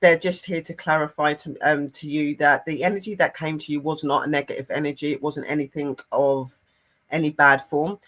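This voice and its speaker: A man's voice: fairly high pitch, flat delivery, a little fast, a bit bright. A man working as a psychic medium on a live stream, passing on spirit messages in an earnest, rambling way. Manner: earnest and rambling, many fillers.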